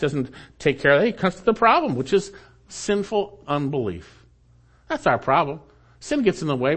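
A man pastor preaching a sermon in an earnest style, climbing in pitch on emphatic points and falling low and quiet on asides.

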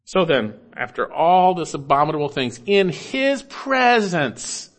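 Male pastor, expository sermon, earnest delivery with loud peaks and quiet drops. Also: big pitch swings, measured pace. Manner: earnest preaching, rising loud on scripture quotes then dropping low.

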